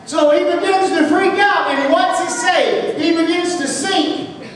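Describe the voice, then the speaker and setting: High-voiced preacher in an echoing sanctuary. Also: male voice, measured pace, a bit bright. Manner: fervent, questioning the congregation. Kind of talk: sermon. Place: church sanctuary. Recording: echoey church hall from far off.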